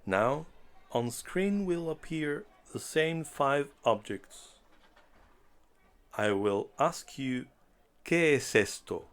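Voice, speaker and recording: A man teaching a beginner language lesson in a deliberate, clearly enunciated scripted style. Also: a little high, expressive.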